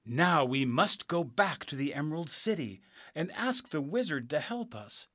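A man's voice: sing-song, unhurried, fairly bright tone, dry recording, clean studio sound, full character voice. A man voicing an earnest, direct young girl in a storybook reading. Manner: earnest, raised pitch.

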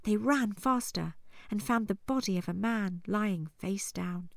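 A woman narrating a story in a calm, measured reading voice. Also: medium pitch, vocal fry, no echo, clean studio sound. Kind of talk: scripted narration.

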